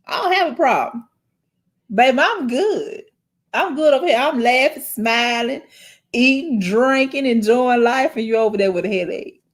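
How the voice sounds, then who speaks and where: Woman host, young adult, casual chat, animated and preachy, can turn teary. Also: on the high side. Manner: animated, preachy, talks straight to viewers; emotional, tearful, halting.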